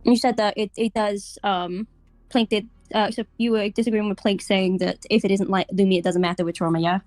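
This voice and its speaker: A woman on a group voice call, asking hesitant, halting questions. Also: medium pitch, steady tone, a little mellow.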